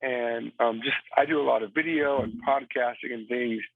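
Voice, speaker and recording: A man's voice: medium pitch, steady tone, moderate pace, gravelly. A man who served as a Marine, talking as a phone-in guest on a radio interview and telling stories with energy. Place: cabin in Virginia. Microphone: phone line. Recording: tinny phone line.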